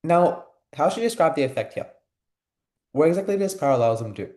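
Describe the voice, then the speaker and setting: A man's voice: fairly high pitch, sing-song, a little fast, darkish tone, roomy sound. A young man tutoring a class in a casual, filler-heavy way, asking his students questions. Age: young adult. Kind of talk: live online class teaching.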